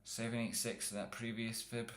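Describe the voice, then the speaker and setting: A man's voice: medium pitch, level tone, normal speed, a bit bright. A man streaming live chart analysis, rambling and jokey with some profanity. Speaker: trading streamer.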